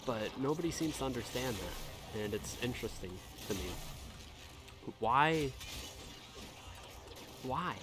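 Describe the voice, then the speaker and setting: A man's voice: medium pitch, takes it slowly, long pauses. Heated ranting man, casual gaming vlog. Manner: animated, heated, swears freely. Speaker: gaming video creator.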